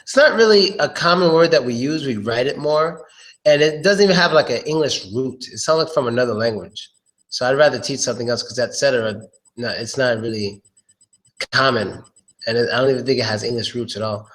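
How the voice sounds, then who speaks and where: A man with a mid-range voice gives a live-stream pronunciation lesson in English. He is relaxed, thinking out loud, and slowly repeats every word for viewers.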